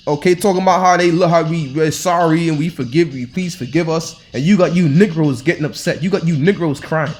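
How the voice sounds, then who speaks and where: High-voiced man preaching, hectoring. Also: a little fast, hardly any pauses, darkish tone, faint music behind. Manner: hectoring, repeats himself with rhetorical questions; loose, colloquial delivery with frequent restarts. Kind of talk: informal scripture-reading sermon.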